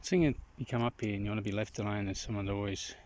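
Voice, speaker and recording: A man recording a casual outdoor vlog, rambling and opinionated, often clearing his throat. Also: fairly low pitch, very fast, a little mellow. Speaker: vlogger. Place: outdoors in the countryside.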